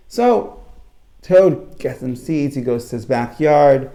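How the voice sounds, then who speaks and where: A man gives a Torah talk to a live audience as a coach, in a lively storytelling manner. He often restarts and repeats his phrases. His voice is mellow and mid-pitched. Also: slow.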